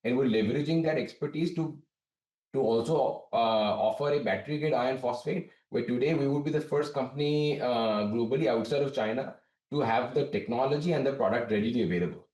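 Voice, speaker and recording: Male company director, measured explainer, dark tone, heard far off in an echoey room. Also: medium pitch. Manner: measured, explanatory, frequent restarts. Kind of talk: business interview answers. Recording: distant, roomy remote link.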